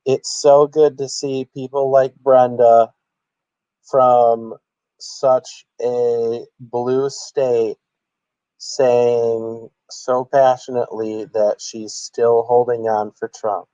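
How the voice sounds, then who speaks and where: A man's voice: mid-range voice, flat delivery, drawn-out words, warm tone, no echo, highs cut off. A man hosting a satirical livestream, speaking in a mock-earnest, theatrically emotional way. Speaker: streamer.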